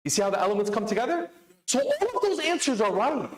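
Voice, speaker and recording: Speaking fast in an extremely high pitch with huge swings, this man preaches urgently at a religious celebration. The hall echoes as he poses questions to the crowd and supplies the answers.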